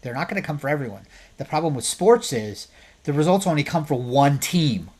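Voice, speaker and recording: A man who works as a therapist, hosting a podcast and giving his opinion in a conversational way. He asks the listener rhetorical questions and gets louder and more emphatic when he makes a point. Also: a little high, expressive, fairly quick.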